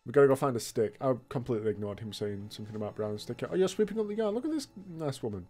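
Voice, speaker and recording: Guy doing a let's play, mellow voice, laughs a lot, swears, jokey. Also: mid-range voice, lively intonation, rapid-fire, faint music behind. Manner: laughing often, swearing, joking asides. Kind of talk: gameplay commentary.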